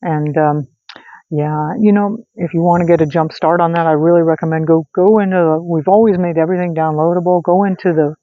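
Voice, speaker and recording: A woman's voice: on the low side, fairly even intonation, brisk. Rambling woman vlogging outdoors at night. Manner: rambling, chatty, many fillers and restarts. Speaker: host. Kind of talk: casual vlog chat. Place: outdoors at night under a street light. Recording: dull lo-fi sound with faint noise.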